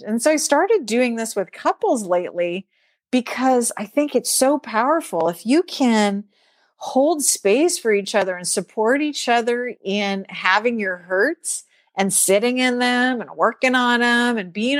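Animated woman in a dry, close sound. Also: on the high side, a little slow, dry recording. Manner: animated, acts out her own inner voice in quotes; laughs lightly mid-sentence. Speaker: guest speaker and teacher. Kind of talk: casual interview chat.

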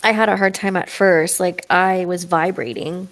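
A woman's voice: fairly low pitch, fairly even intonation, moderate pace, fairly bright tone. A woman, a mother, co-hosting a casual podcast chat, speaking in a supportive way and sharing her own stories. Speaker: podcast co-host.

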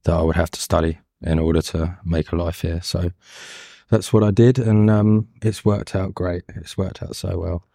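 A man's voice: low voice, steady tone, moderate pace, vocal fry, dark tone, dry recording, clean studio sound. A man, a carpenter answering interview questions in a hesitant, casual way with many ums and restarts. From England. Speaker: guest, carpenter and furniture maker.

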